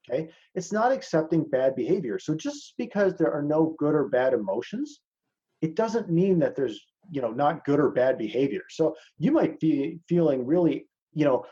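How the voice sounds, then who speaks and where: A man's voice: a little high, dark tone, slightly rough, lo-fi sound. A man teaching a masterclass in casual talk over a video call. He is blunt, swears freely and calls his listeners "man".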